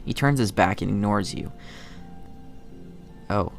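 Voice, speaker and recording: Man with a gravelly voice narrating a game. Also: on the low side, a little slow, soft background music. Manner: chatty, self-deprecating, giggly. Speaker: gaming channel host. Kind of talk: casual game playthrough commentary, reading text aloud.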